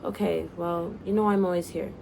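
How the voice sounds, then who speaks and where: A woman's voice: on the low side, steady tone, a little fast, vocal fry, noisy background. A woman doing a teasing caring roommate.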